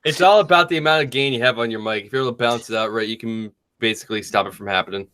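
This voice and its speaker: Bright-voiced man, dry asides. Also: mid-range voice, rapid-fire, dry recording. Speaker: guest on a voice call. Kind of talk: casual group chat.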